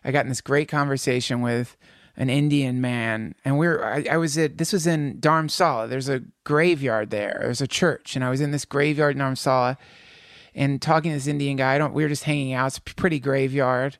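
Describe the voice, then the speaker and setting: A man co-hosting a podcast in casual chat, telling stories with jokey, animated riffs. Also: mid-range voice, brisk, dry recording, studio quality. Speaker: podcast co-host.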